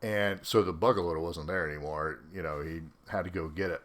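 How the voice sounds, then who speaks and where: A middle-aged man with a somewhat low voice tells an old army story in a loose, casual way. He is animated and laughs often as the tale goes on. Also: brisk. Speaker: podcast host, army veteran.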